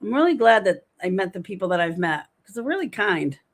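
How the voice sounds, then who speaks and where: A woman's voice: mid-range voice, brisk. A woman in her forties hosting a casual livestream from home, chatting and rambling as she reads viewer comments aloud. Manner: chatty, rambling, animated storytelling. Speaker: livestream host.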